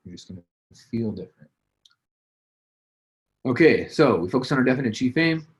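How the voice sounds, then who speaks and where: A man's voice: medium pitch, animated, moderate pace. A man giving a casual motivational training talk about business habits, with loose fillers and restarts. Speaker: business coach. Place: at a desk, writing as he talks.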